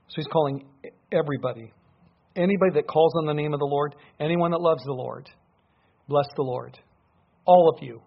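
A man preaching, his voice slightly husky and pitched a little high for a man. He speaks earnestly and climbs to emphatic, forceful peaks. The recording is muffled and lo-fi. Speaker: pastor. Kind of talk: sermon. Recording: dull lo-fi sound.

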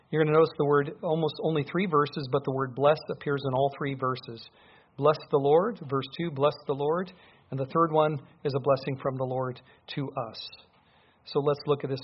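A man's voice: fairly high pitch, slight background noise. A man preaching a sermon, speaking earnestly and building up to emphatic peaks as he drives home his points. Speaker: pastor. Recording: dull lo-fi sound.

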